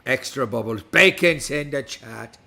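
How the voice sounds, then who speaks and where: Gravelly man in a pirate voice. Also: medium pitch, a little slow, sharp tone. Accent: put-on West Country pirate accent. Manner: playful pirate talk, reads stats aloud. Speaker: livestream host. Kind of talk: casual livestream chat in a pirate voice.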